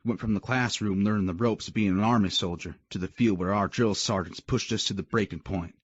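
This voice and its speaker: A man's voice: fairly low pitch, fairly even intonation, a little fast, husky, dry recording. A man narrating a romance audiobook in the first person, gritty and full of swearing. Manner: gritty, profane storytelling. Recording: dull dry lo-fi recording.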